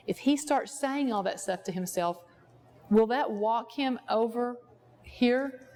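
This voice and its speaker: Speaking slowly in a slightly high, somewhat mellow voice, a woman therapist teaches a workshop at a ranch. She walks through a client example and puts rhetorical questions to the room.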